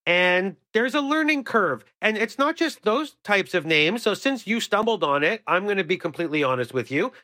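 A man's voice: high-pitched, big pitch swings, normal speed, hardly any pauses, sharp tone, dry recording, studio quality. A man co-hosting a radio show, giving advice in an earnest, emphatic, opinionated way. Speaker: radio co-host.

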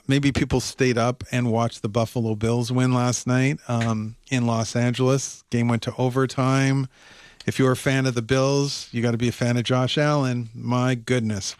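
A man's voice: mid-range voice, dry recording. Chatty man, dry studio sound. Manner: chatty, rambling, easygoing. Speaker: radio co-host. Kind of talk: casual morning show chat.

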